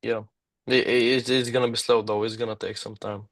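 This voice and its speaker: A man on a group call as a trainee, hesitant and halting, with many fillers. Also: mid-range voice, little pitch movement, a bit bright, no room sound.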